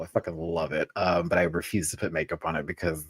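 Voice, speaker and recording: A man's voice: low voice, fairly even intonation, brisk, few pauses, husky, no room sound, rough recording. A young man hosting a casual live review, dramatic and swearing, acting out what people said with lots of laughter. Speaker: host reviewing a reality show.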